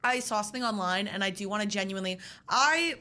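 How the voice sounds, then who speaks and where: A young American woman chatting as a guest on a college radio show, rambling and quick to act out quotes. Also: mid-range voice, animated, bright, forceful tone. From United States. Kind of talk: casual radio chat. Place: radio studio.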